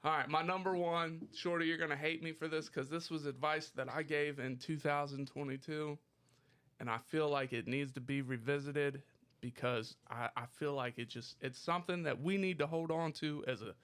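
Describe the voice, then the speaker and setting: Guy hosting a podcast, bright kinda high voice, swears a lot and jokes around. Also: moderate pace, clean tone. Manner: animated, profane and joking. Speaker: podcast host. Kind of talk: casual podcast chat.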